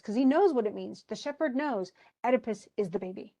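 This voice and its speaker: A woman's voice: fairly high pitch, expressive, dark tone. A woman teaching a class, retelling a tragedy in casual speech and briefly acting out the characters' lines. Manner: casual, acts out lines in quick voices.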